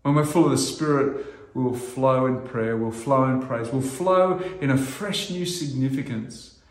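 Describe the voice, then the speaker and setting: Earnest middle-aged male preacher, echoey hall. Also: medium pitch. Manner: earnest, halting with restarts, rising to loud emphasis. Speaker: pastor. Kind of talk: sermon.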